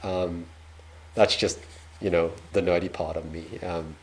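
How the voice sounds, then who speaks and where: Slow, low-voiced Danish man. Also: fairly even intonation. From Denmark. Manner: hesitant, self-deprecating, lots of fillers. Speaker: reaction video host. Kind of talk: casual reaction commentary.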